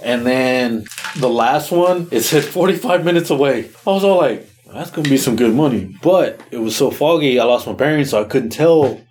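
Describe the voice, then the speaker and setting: A man's voice: mid-range voice, animated, moderate pace, darkish tone, slight background noise. A man, co-hosting a podcast and telling a long story in casual chat, acting out his own reactions and swearing freely. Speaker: podcast co-host.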